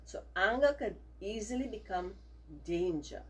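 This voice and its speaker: A woman teacher giving a slow, emphatic values lesson to children, often checking in with them and having them repeat phrases after her. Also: medium pitch, expressive, slightly rough. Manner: frequent checking "right?".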